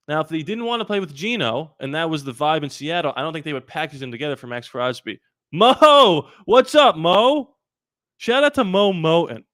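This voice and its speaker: A man hosting a live sports talk stream, animated and rambling with quick asides. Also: medium pitch, dry recording, studio quality. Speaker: sports channel host.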